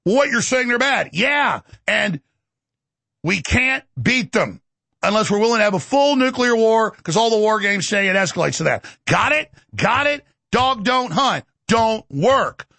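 A man hosting a talk show, ranting sarcastically with shouted bursts. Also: sits high, animated, unhurried, gravelly, no echo. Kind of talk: ranting monologue.

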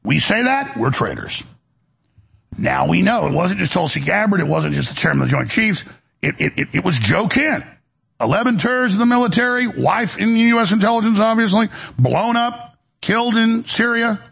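Ranting through a fiery political commentary on his talk show, this man stammers and restarts, his voice raspy and gravelly. It sits high and sounds animated, moving at a moderate pace with a fairly bright tone.

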